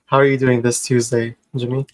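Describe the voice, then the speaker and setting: A young man co-hosting a casual podcast, easygoing and quick to laugh. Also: medium pitch, flat delivery, no room sound. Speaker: podcast co-host.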